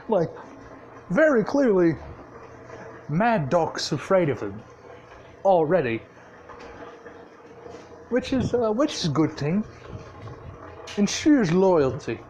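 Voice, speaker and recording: Slow, laid-back male storyteller. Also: high-pitched, very animated, a little mellow, a little hiss or hum. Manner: laid-back, swearing, with frequent restarts. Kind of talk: casual improvised fan-story narration.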